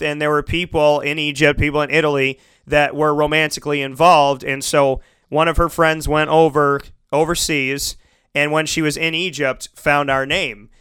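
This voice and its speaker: A man's voice: a little high, clean tone, no echo. A man hosting a radio talk show, telling a long personal story in a casual, rambling way with many restarts. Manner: animated, rambling, lots of restarts and fillers.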